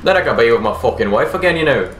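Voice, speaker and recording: Man doing a heartbroken, swearing Aussie widower for a game dub, higher and louder than his own voice. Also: animated, very fast, roomy sound, faint music behind, natural voice. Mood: grieving. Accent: put-on Australian. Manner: swearing, despairing, calls everyone mate. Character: grieving foul-mouthed widower man, Australian.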